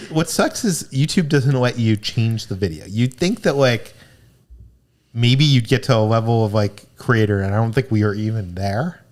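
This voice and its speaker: A young man co-hosting a casual livestream in a relaxed way. He chats and reads viewer comments aloud, at an ordinary, middle pitch for a man. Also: normal speed. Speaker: livestream co-host. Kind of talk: casual chat.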